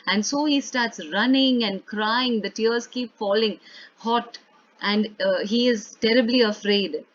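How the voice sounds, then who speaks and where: A woman's voice: a little high, measured pace. A woman English teacher reading a story aloud expressively, then retelling it in simpler words for her students. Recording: dull lo-fi recording.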